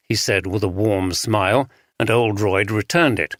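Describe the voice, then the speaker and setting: A man reading a mystery audiobook in a measured, scripted narration. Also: lowish voice, fairly bright tone, no echo, studio quality.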